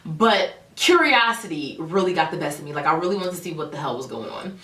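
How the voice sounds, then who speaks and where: A young woman vlogger telling a dramatic story in a casual, animated way. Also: low voice, a little fast. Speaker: beauty vlogger. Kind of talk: storytime vlog. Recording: roomy echo, a bit far from the mic.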